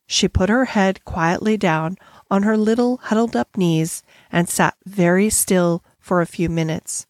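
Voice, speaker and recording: A woman narrating a classic novel as an audiobook reader, with measured, expressive storytelling. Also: mid-range voice, no echo, clean studio sound. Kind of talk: reading a classic novel aloud.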